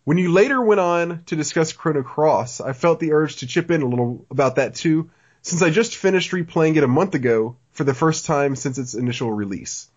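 A man's voice: on the high side, fairly quick, dull audio. A man co-hosting a casual podcast, laughing often and reading a listener email aloud. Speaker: podcast co-host.

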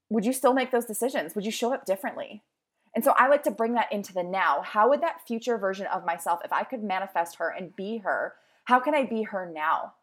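A woman hosting a podcast, speaking in an emphatic, emotional motivational monologue with repeated phrases. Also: mid-range voice. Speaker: podcast host.

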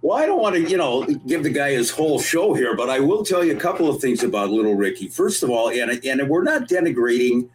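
A man co-hosting a podcast, telling stories with a lively, animated delivery. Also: mid-range voice, fairly quick, hardly any pauses, slight background noise, poor audio. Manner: lively, animated anecdote teller. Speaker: podcast co-host. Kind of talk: storytelling chat.

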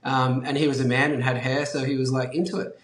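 Animated Australian man, echoey room. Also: mid-range voice, fast talker. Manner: animated, swears freely, heavy use of "like" and "um". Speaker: guest, brand founder. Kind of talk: casual storytelling chat.

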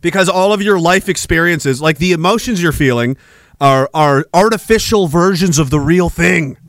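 High-voiced man ranting with profanity. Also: moderate pace, fairly bright tone, dry recording, clean studio sound. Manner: heated, swearing, mocking and sarcastic. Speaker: podcast host.

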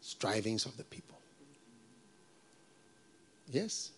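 Middle-aged pastor, gravelly voice, chatty sermon, repeats himself, likes proverbs. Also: male voice, mid-range voice, lively intonation, unhurried. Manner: conversational, repetitive, folksy proverbs, soft chuckles.

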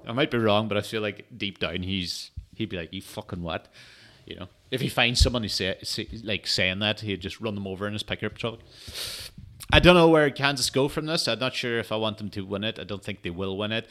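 Tired, sweary man with a bright low voice. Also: a little fast. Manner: rambling, sweary, with frequent fillers. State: tired, yawning. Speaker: podcast host. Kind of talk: casual solo sports chat.

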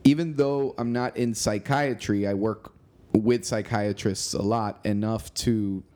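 A man's voice: lowish voice, steady tone, measured pace, darkish tone. A man chatting casually as host, easygoing, swearing now and then and often saying "you know.". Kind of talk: casual chat.

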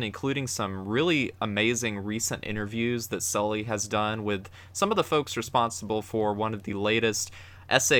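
A man's voice: on the low side, fairly bright tone. A man co-hosting a podcast about anime, chatting casually and upbeat as he plugs the show. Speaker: podcast co-host.

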